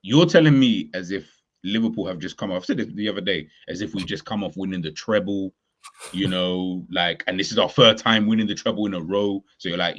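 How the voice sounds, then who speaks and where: A man's voice: deep voice, fairly quick, a bit bright, muffled recording. A man ranting animatedly in a casual football chat, full of slang. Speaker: podcast guest.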